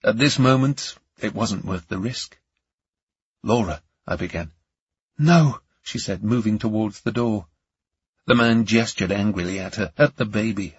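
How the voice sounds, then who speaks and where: Husky low-voiced male audiobook narrator. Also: no echo, lo-fi sound.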